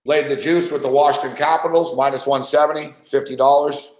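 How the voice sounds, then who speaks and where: A man's voice: on the high side, fairly even intonation, brisk, echoey room. A man hosting a sports betting show, complaining with heavy swearing about his bets. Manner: profane, frustrated rant. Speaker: sports betting podcast host. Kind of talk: casual betting talk.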